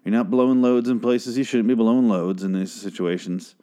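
A man's voice: medium pitch, a little fast, dark tone. A young man giving a casual, profane, rambling recap of a TV episode, with crude, exasperated rants. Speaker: show recap podcaster.

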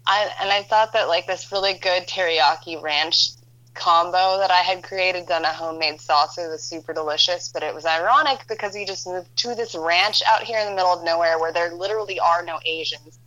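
A woman's voice: on the low side, fairly quick, bright, forceful tone, lo-fi sound. A woman, a model and actress, chatting as a podcast guest and laughing easily. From Filipino-Norwegian heritage. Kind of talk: casual chat.

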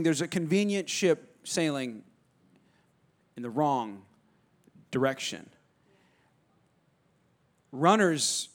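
A male pastor, preaching a sermon with animated storytelling and frequent restarts. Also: sits high.

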